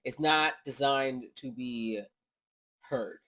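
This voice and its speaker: A woman's voice: a bass voice, slow pace, fairly bright tone. American woman podcast co-host, chatty, drifts off on tangents. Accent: General American. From United States. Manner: rambling, tangential, says "you know what I mean". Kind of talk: casual podcast chat.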